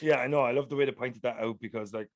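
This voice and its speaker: A man's voice: mid-range voice, steady tone, fast, darkish tone, dry recording. A man co-hosting a podcast, chatting casually, laughing often and swearing, with lots of fillers. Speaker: podcast co-host. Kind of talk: casual chat.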